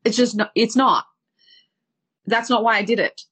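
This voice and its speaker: A woman's voice: on the high side, steady tone, moderate pace, a bit bright, husky. A woman dating coach telling a personal story with feeling, acting out the quotes. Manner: vivid retelling with acted quotes.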